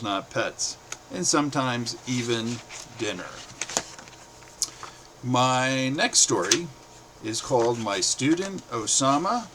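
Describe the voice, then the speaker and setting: A middle-aged man from the United States reads his own short stories aloud, with a bright, forceful tone at a middling pitch. He keeps a plain, steady delivery and pauses briefly between phrases. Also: slight background noise.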